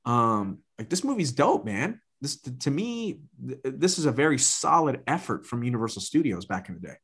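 A man chatting casually as a podcast co-host. His pitch sits mid-range, and he talks with hype and slang, often restarting his sentences as he gets excited. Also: normal speed, breathy edge. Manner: enthusiastic, slangy, lots of restarts.

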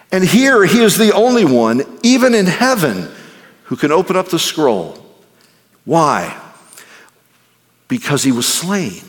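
A male pastor preaching a sermon. He swings between ringing exclamations and hushed, near-whispered passages. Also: a little high, sing-song, unhurried, pauses often. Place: church sanctuary. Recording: long reverb of a large hall.

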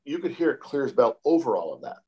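A man calmly telling a long outdoor story in a casual interview, with many repeated "I said" tags. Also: mid-range voice, lo-fi sound. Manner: calm, unhurried, repeats "I said" often.

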